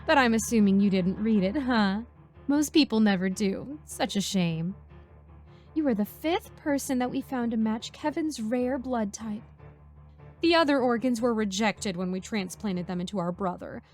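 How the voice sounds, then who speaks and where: Creepy motherly caretaker, as a woman reads her: high, sing-song, overly sweet. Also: lively intonation, moderate pace, soft background music, close to an everyday voice. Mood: sweetly sinister.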